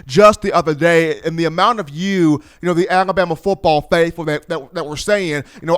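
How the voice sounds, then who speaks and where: A man hosting a sports talk show, talking in an animated, playful storytelling manner. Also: on the high side, normal speed, hardly any pauses, clear, resonant tone. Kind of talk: energetic sports talk commentary.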